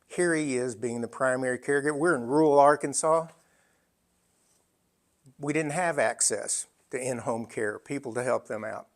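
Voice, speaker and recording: A man in his sixties giving an emphatic storytelling talk, full of dramatic pauses. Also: mid-range voice. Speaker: speaker.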